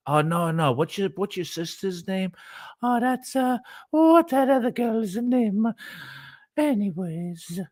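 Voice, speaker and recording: A man's voice: high voice, expressive, takes it slowly, a little mellow. A man co-hosting a casual livestream, joking and rambling, who keeps slipping into mock announcer voices for made-up sponsors.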